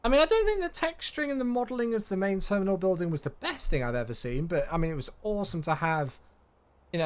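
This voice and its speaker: A man streaming a flight sim, chatting casually with viewers and tired from the day. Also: on the high side. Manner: chatty, reads chat aloud, thanks subscribers. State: tired, yawning. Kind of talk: casual live-stream chat.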